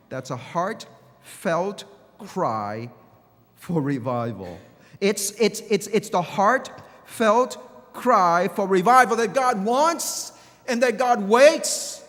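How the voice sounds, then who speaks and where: A man's voice: sits high, fairly bright tone. A male pastor preaching a passionate sermon with repeated phrases and restarts. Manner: impassioned preaching with repetitions and restarts. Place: large church hall. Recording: long church hall reverb.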